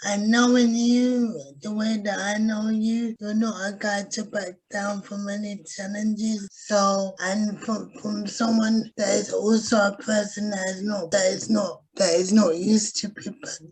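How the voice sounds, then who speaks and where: Slow-speaking woman podcast host. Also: medium pitch, level tone, a little mellow, poor audio. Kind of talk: interview questions.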